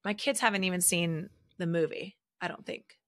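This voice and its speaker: Podcast co-host, woman in her thirties with a bright, energetic tone, dry close-miked sound, chatty and animated. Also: lowish voice, normal speed, no room sound. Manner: animated, quotes movie lines with laughs. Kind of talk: casual chat.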